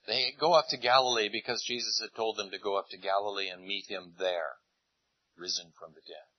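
A man preaching a relaxed storytelling sermon, chatty and unhurried. His voice carries a slight husk. The recording is close and dry, with a dull, lo-fi tone. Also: lowish voice, dry recording. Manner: conversational storytelling, retelling scenes in lively voices. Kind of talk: sermon, retelling a Bible story.

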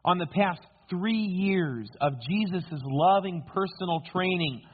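A man's voice: sits high, measured pace, husky. A male preacher giving a sermon, telling the story dramatically and posing rhetorical questions to his listeners. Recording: tinny phone-like sound.

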